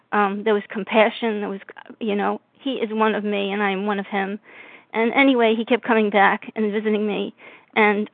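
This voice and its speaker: A woman from north of Boston shares her story over a video call, stopping and restarting with plenty of fillers. Her voice has a gravelly edge. The audio is thin and phone-like, with no room sound. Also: mid-range voice, no echo. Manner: halting, frequent fillers and restarts. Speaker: meeting member sharing. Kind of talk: personal recovery share.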